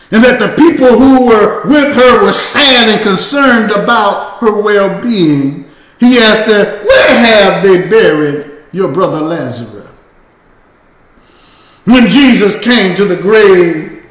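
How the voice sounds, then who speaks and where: Man, pastor, sermon, very high voice, echoey church room. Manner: slow, preaching cadence, rising to shouts. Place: church sanctuary.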